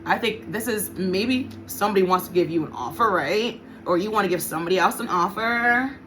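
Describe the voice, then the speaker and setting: A woman's voice: mid-range voice, a little fast, a bit bright, faint music behind. Blunt, profane woman giving a tarot reading. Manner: blunt, profane and emphatic, repeats herself. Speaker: tarot reader. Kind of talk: casual tarot reading to viewers.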